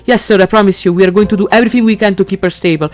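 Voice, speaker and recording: Woman reading a steady, reassuring paramedic. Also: medium pitch, very fast, lightly acted. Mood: calm. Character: calm professional paramedic.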